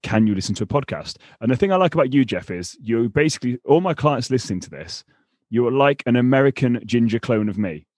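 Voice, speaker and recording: A man's voice: mid-range voice, expressive, fast, darkish tone, no room sound. A British man hosting a podcast interview, casual and chatty, with frequent restarts and sarcastic asides. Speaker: podcast host and coach.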